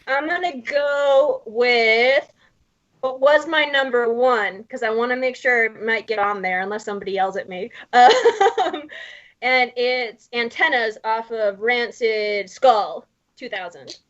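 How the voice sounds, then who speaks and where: A woman's voice: fairly high pitch, slow pace, fairly bright tone, lo-fi sound. A woman from the Midwestern US, a podcast guest chatting casually, laughing often and swearing freely. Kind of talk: casual chat.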